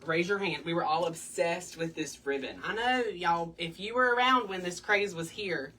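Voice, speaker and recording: A woman's voice: fairly low pitch, normal speed, recorded from a distance, background noise. A woman hosting a casual wreath-making tutorial in her home craft room, chatty and bubbly. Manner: chatty, bubbly, breaks into little sing-song bits. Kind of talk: casual crafting demo chat.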